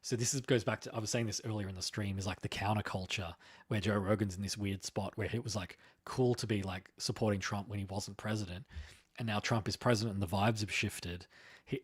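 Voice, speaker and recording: A man's voice: lowish voice, husky, no room sound, clean studio sound. A man from Australia hosting a casual political live stream, rambling as he reads out chat comments.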